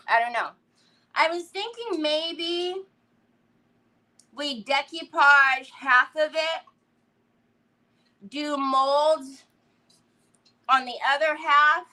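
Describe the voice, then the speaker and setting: On a low-quality recording, a crafting livestream host speaks in a high-pitched, bright, forceful voice. She keeps the chat casual, giggles frequently, and welcomes viewers by name while she crafts.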